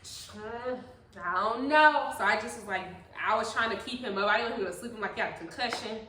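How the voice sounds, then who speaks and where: A bright-voiced young woman tells stories in a casual chat between moms, acting out every scene and breaking into big laughs. Her voice sits a little high and sounds set back from the mic in an echoey room. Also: quick pace, distant mic. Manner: animated storyteller, acts out scenes with big laughs. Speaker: host.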